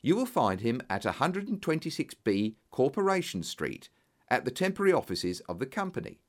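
A man voicing an eager, effusive businessman in an audiobook, exclamatory and flattering. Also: mid-range voice, a little fast, close to an everyday voice. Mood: persuasive. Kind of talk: audiobook character voice.

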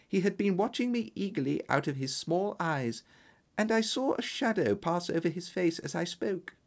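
Expressive, gravelly storybook narrator. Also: mid-range voice, moderate pace. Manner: expressive first-person storytelling. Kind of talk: storybook reading.

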